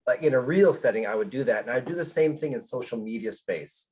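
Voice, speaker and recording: A man's voice: medium pitch, expressive, fast talker, a little mellow, slight background noise. A man attending a workshop who asks a question, hesitating and repeating words as he gets going.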